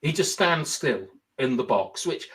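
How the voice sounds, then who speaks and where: A man's voice: mid-range voice, lively intonation, a little slow, fairly bright tone. A young man co-hosting a casual football podcast, explaining tactics at length and thinking aloud with lots of fillers. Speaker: podcast co-host.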